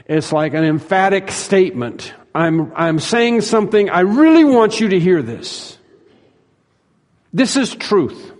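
Pastor, homem, sermão enfático, voz meio aguda, salão reverberante. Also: male voice, fairly high pitch, lively intonation, normal speed, darkish tone. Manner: emphatic, repeats phrases for stress, acts out quoted lines. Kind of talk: sermon.

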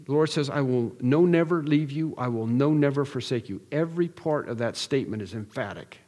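Speaking in a large hall, this pastor delivers an expository sermon with earnest emphasis, restarting often and piling up repeated phrases. His mid-range voice is mellow yet animated, and he moves along briskly.

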